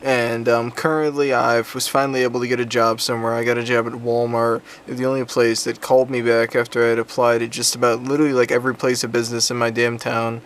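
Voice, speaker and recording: A man's voice: mid-range voice, flat delivery, fast, hardly any pauses, clear, resonant tone. Young man, vlogger, profane casual storytelling, rambling, lots of ums, crude jokes, mid-range voice. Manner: frequent ums and restarts.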